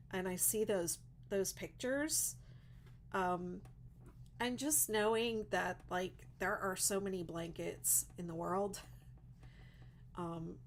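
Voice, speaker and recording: Teary, slow-talking woman with a gravelly voice. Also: mid-range voice, a little hiss or hum. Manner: emotional, teary and laughing, many fillers. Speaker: crochet designer hosting a livestream. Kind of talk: casual livestream chat reading comments.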